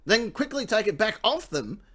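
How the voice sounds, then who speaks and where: A man's voice: sits high, very animated, normal speed, pushed and bright, slightly rough. A man with an Australian accent hosting a live show, joking crudely and laughing often. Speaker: host. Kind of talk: casual comedic live-stream banter.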